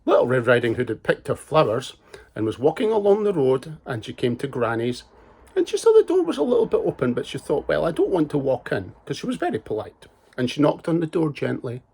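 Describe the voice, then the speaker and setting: Expressive man telling a children's story. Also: medium pitch, a little fast, breathy edge.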